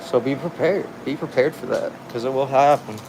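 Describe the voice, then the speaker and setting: A man's voice: medium pitch, moderate pace, noisy background. A young man hosting a casual livestream from home, talking in a laid-back, rambling way full of slang. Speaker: livestream host. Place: at home with a cat. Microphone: phone livestream.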